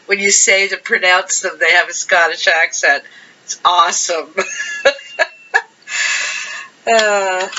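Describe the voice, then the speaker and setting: A woman's voice: mid-range voice, bright, forceful tone. A woman giving a casual monthly tarot reading, chatty and rambling as she thinks aloud over the cards. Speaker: tarot card reader. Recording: dull lo-fi sound.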